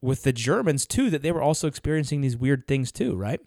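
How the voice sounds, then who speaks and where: A man's voice: medium pitch, big pitch swings, brisk, darkish tone, no room sound, clean studio sound. A man co-hosting a podcast in casual chat, laughing often and reading notes aloud. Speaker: podcast co-host.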